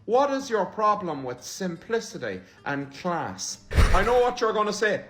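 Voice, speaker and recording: An Irish man ranting comically to camera, swearing, deadpan, dropping to low mutters between loud bursts. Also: measured pace. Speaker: comedian in played clips.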